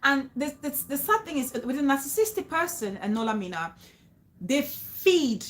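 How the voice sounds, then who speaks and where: Lady vlogging, kinda high voice, keeps repeating herself for emphasis. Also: sing-song, normal speed. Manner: emphatic, repeats and restarts phrases, urges trust. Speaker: vlogger giving advice. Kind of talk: casual talk to viewers.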